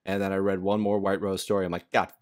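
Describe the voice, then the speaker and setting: A man's voice: sits low, level tone, quick pace. A man hosting a casual podcast chat, rambling along with frequent laughs and fillers. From United States. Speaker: podcast host.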